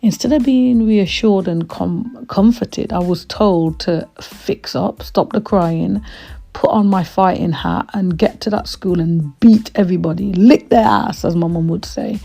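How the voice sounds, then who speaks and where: A woman's voice: on the low side, a little slow, vocal fry, mellow. A woman from Trinidad, hosting a podcast and telling her own story in a candid, emphatic way. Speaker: podcast host and reverend.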